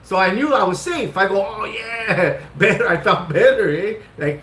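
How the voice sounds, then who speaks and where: A man's voice: sits high, lively intonation, moderate pace, few pauses. A man, telling a long, profane story in a casual vlog while laughing through it. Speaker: vlog co-host. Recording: echoey room with loud noise.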